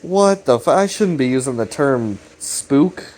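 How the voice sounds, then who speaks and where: A man's voice: medium pitch, lively intonation, unhurried, a little mellow. Young man rambling, profane and loose. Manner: profane, loose, full of fillers. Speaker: video commentator. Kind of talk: casual rambling recap commentary.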